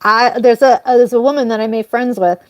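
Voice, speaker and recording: Woman streamer chatting casually and at length, apologizing often; fairly high voice, dry room. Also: fairly quick, no echo. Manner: rambling and apologetic; animated, jumps up in pitch on emphasis. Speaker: livestream host. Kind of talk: casual live-stream chat.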